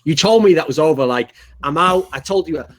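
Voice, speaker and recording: A man's voice: on the high side, expressive, a little fast, natural voice. A man voicing a stubborn retired player who keeps refusing to come back. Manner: flustered refusals, many repeated "no"s. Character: retired male gamer, stubborn and reluctant.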